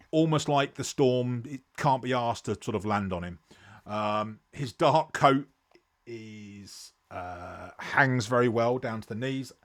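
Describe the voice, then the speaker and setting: A man running a tabletop role-playing game as game master, narrating scenes in an unhurried way with many fillers. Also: fairly low pitch.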